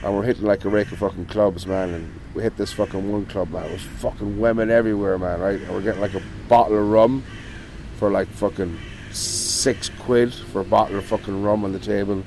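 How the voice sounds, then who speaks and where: A man's voice: fairly low pitch, steady tone, brisk, vocal fry, a little mellow, a little hiss or hum, poor audio. A man with an Irish accent, a guest telling a long, rambling story in casual talk and swearing almost every line. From Ireland. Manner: profane, rambling, swears constantly. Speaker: interview guest.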